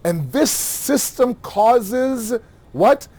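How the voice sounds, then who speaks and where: A man giving a religious lecture, animated, asking rhetorical questions and acting out everyday dialogue. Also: extremely high pitch, extremely slow. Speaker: Muharram lecturer.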